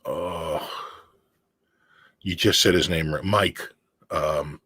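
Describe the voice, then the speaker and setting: A man chatting as a guest on a video call, telling an animated anecdote and acting out the voices in it. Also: deep voice, drawn-out words, husky, dry recording. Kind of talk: casual storytelling chat.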